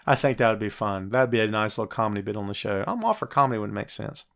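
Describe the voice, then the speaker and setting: A podcast host runs a casual wrestling talk show, chatting and joking directly with live viewers. His voice is animated, creaky, and a bit bright, and he slips into quick high-pitched voices whenever he quotes wrestlers.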